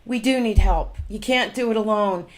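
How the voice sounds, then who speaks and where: A woman in her forties hosting a show, telling personal stories with lively acted-out dialogue. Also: mid-range voice, normal speed, faint music behind. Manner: animated storytelling, acts out quoted dialogue. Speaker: podcast host. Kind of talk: casual interview chat.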